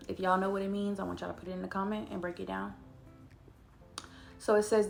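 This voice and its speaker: A woman, chatting earnestly about scripture and slowing down to read verses aloud. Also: medium pitch, level tone, vocal fry, faint music behind. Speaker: Bible study vlogger. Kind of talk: casual devotional talk to camera.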